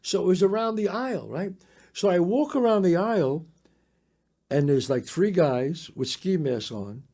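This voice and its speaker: An older man from the Bronx, telling a story as a podcast guest in a lively, profane way, acting out the other people's voices. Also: high voice, normal speed. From the Bronx, New York. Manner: animated, profane, acts out the voices in his story. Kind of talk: casual storytelling.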